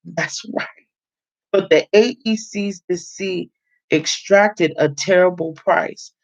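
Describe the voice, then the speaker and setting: A woman's voice: on the low side, slow pace, no echo, muffled recording. A woman hosting an online book club, reading a book aloud and breaking off with frank, profane comments to her listeners.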